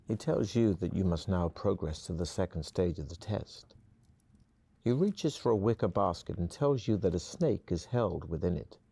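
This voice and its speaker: Man, game narrator, very low voice, calm scripted storytelling, second person. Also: vocal fry, slightly rough.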